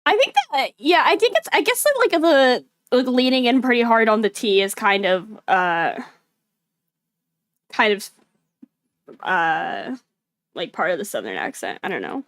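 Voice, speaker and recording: A woman's voice: a little high, sing-song, unhurried, pauses often, no echo. A woman streamer chatting casually while reacting to a video, rambling with lots of filler words. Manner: rambling, lots of "like", self-mocking.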